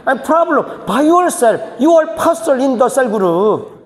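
Very high-pitched and a little slow, with big swings in pitch, a senior pastor teaches church leaders in a seminar sermon. He talks in choppy, emphatic phrases that rise into bursts, recorded with echoing hall reverb.

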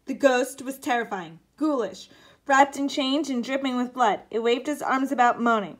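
A woman narrating a children's mystery storybook in an expressive, lively read-aloud manner. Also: high-pitched, moderate pace. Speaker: author and reader.

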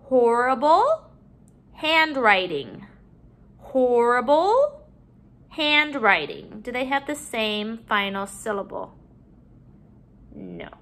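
A woman teaching a phonics lesson to young children at home, drawing out each word slowly and clearly. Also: fairly high pitch, huge pitch swings. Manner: slow, drawn-out modeling of words, bright sing-song emphasis.

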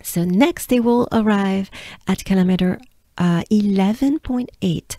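A woman with a French accent coaching listeners through pronunciation, patient and encouraging, repeating sounds slowly. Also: mid-range voice, mellow, no echo, studio quality. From France. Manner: patient, encouraging, drawn-out demonstrations. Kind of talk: pronunciation lesson, slow and repetitive.

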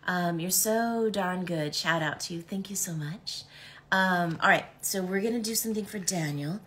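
A woman's voice: on the low side, normal speed, a bit bright, slight background noise. A middle-aged woman chatting casually on a live stream while she signs autographs, bubbly, reading comments aloud with lots of ums.

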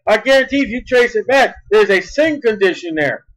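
A man preaching a sermon in an emphatic style, repeating words and swinging between loud bursts and soft asides. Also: high voice, lively intonation, fairly quick, low-quality recording.

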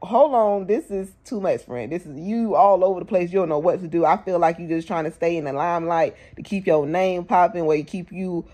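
A woman's voice: on the low side, a little fast, hardly any pauses, mellow. A young woman vlogger giving blunt, slangy opinion commentary, firing off rhetorical questions.

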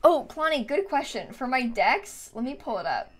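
A woman's voice: high voice, sing-song, moderate pace. A young woman chatting casually on a live stream, thanking viewers with frequent fillers and laughs.

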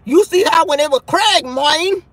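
A woman's voice: extremely high pitch, unhurried, fairly bright tone, dry recording. A woman hosting a casual livestream, chatting with viewers, laughing often and trash-talking bluntly. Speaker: livestream host.

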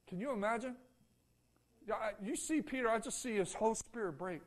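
A man preaching a sermon in a church, folksy and repetitive, swinging between loud calls and soft, hushed lines and asking for an "Amen". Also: high voice, a little fast. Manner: folksy, repeats phrases, asks the congregation "Amen?". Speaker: pastor.

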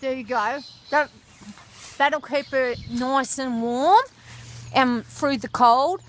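Bright, high-pitched Australian woman clowning. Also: slow pace, slight background noise. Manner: broad ocker slang, fussing terms of endearment. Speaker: comedy sketch host. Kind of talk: mock street-report comedy sketch. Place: outdoors on a street.

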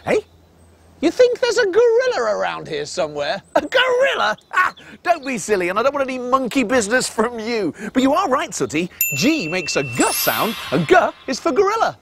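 A man presenting a children's TV show, talking to a puppet in an animated, exclaiming way. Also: extremely high pitch, fairly quick, slight background noise.

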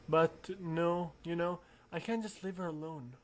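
A man reading aloud the lines of a friendly teenage classmate from a game, in his own everyday voice and a little louder. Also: fairly high pitch, steady tone, slow, a little hiss or hum. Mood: upbeat.

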